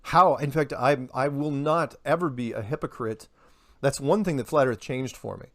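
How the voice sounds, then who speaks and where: A man's voice: mid-range voice, normal speed, no echo. A man talking in a casual podcast conversation, rambling, laughing often and acting out the quotes he reports. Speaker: podcast guest.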